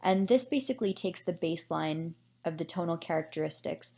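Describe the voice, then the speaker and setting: A woman presenting a summary of a research study in a measured, explanatory way, with occasional fillers. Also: lowish voice, lively intonation, warm tone. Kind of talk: scripted academic presentation.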